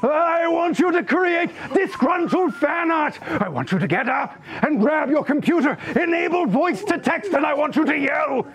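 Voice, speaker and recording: A man's voice: very high voice, expressive, normal speed, few pauses, fairly bright tone. A man delivering a theatrical, impassioned mock political campaign speech as a cast member of a tabletop game show.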